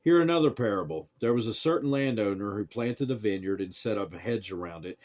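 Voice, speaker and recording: Male reader, lowish voice, even measured scripture reading. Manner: steady, measured reading cadence. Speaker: Bible reader.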